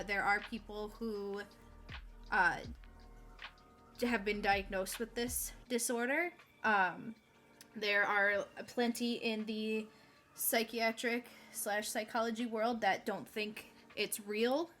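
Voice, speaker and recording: A woman co-hosting a casual book podcast, her voice bright and sharp. She reacts quickly and with excitement, with faint music under the talk. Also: medium pitch. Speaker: podcast co-host.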